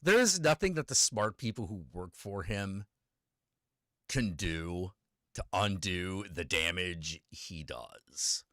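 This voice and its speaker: A man co-hosting a casual chat, animated, swinging between loud emphasis and low mutters. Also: slow, no echo, clean studio sound.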